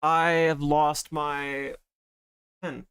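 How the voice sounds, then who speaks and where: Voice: medium pitch, flat delivery, extremely slow, a bit bright, smooth. A streamer chatting casually to viewers while drawing, greeting them by name, with rambling asides.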